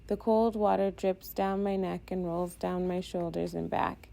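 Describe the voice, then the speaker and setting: A woman reading a first-person audiobook in a steady, introspective way. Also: lowish voice, unhurried, creaky. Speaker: audiobook narrator.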